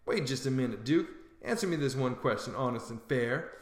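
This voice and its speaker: A man's voice: medium pitch, animated, brisk, reverberant, natural voice. A man voicing a blustering, whiny old male con man who calls himself a king, in a storybook reading. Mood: wheedling.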